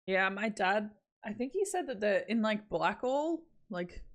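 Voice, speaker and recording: A woman's voice: mid-range voice, lively intonation, measured pace. A young Australian woman streaming live, chatting casually in a rambling, giggly way with lots of "like". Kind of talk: casual chat.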